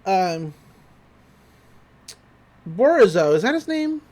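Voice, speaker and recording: A man's voice: sits high, big pitch swings, slow pace, a little mellow. A young man on a podcast, casually recapping an anime episode with loose paraphrased quotes and lots of fillers. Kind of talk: casual chat.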